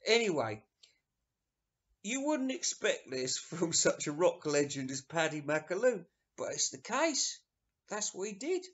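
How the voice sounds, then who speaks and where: A man's voice: high-pitched, big pitch swings, a little slow, a bit bright. A man giving a sweary, sarcastic rant while reviewing an album. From England. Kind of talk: ranting casual review. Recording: dull lo-fi recording.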